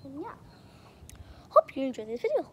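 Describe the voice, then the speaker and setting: A young woman chatting casually for her vlog while feeding chickens outdoors, filmed on a hand-held phone, rambling and excitable. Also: high-pitched, normal speed, muffled recording, slight background noise. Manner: rambling, excitable, gets loud when the chickens crowd her. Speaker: vlogger. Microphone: phone camera held in hand. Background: clucking chickens and birds.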